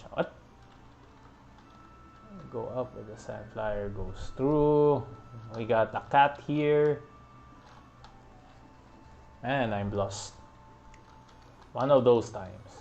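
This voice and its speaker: A man giving relaxed, chatty commentary as he plays through a video game, often laughing. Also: fairly low pitch, very slow, creaky, long pauses, muffled recording, slight background noise. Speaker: gaming podcast host.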